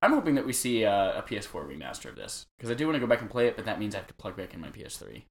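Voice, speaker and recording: A man's voice: on the low side, sing-song, rapid-fire, creaky. A man co-hosting a podcast, casually running through gaming news with profanity and easy banter. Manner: profane, laughing, reads out news items. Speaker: podcast co-host.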